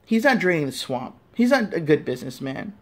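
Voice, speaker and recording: A man's voice: on the high side, sing-song, fairly quick, background noise. A man giving an angry, profane rant straight to camera, scolding listeners and repeating himself. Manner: profane, heated, repetitive, scolding. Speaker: vlogger.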